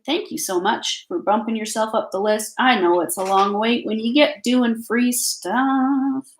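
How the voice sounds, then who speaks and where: A woman's voice: on the high side, fairly bright tone, slight background noise, low-quality recording. A woman with a Canadian accent giving a live tarot reading at home, chatty and reassuring with many fillers and restarts. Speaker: tarot reader. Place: home with family noise nearby.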